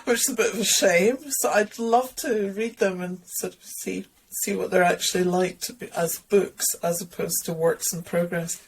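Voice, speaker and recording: A woman with a notably low voice chats in a loose, self-mocking way, full of restarts and little laughs. She sounds like she is on a home video call, with a faint hiss behind her. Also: fairly even intonation, normal speed, hardly any pauses, poor audio. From Scotland. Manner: chatty and self-deprecating, rambling with restarts and laughter. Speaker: interview guest, children's author and illustrator. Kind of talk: relaxed conversational interview.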